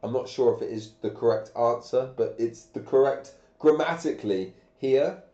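An English teacher, sick and coughing, teaches grammar on a live stream, patiently asking questions step by step. His voice is medium-pitched and dark, at a normal speed. The room sound is echoey, dull and lo-fi.

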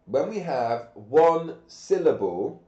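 A man's voice: on the high side, very animated, slow, a little mellow. A man, sick and coughing, teaching grammar on a live stream with patient step-by-step questions. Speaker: English teacher. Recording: echoey, dull lo-fi room sound.

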